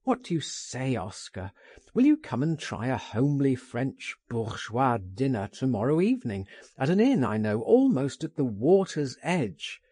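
A man with a slightly rough, mid-range voice narrates an audiobook, telling the story in a measured, expressive way. The recording is dry and of studio quality.

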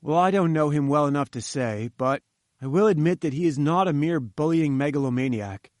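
A man's voice: a little high, fairly quick, a little mellow, no room sound, studio quality, natural voice. A man voicing a polite, earnest male engineer in an audiobook reading.

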